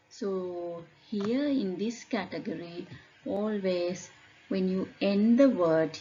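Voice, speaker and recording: A woman teacher giving a phonics lesson, reading word lists aloud slowly and deliberately, calling out each word loudly. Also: medium pitch, animated, muffled recording.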